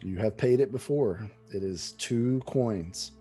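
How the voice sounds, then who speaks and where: A man narrates a tabletop game as dungeon master, casual and full of fillers and hesitations. His voice is low and mellow, heard through an online call microphone. Faint music plays behind. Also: slow, husky.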